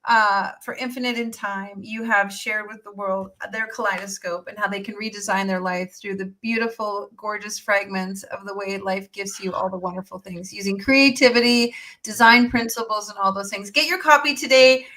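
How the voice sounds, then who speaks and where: A woman's voice: mid-range voice, steady tone, moderate pace, sharp tone, rough recording. A woman hosting an interview, talking in a gushing, effusive and upbeat way. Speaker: host. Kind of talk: enthusiastic promotional interview talk.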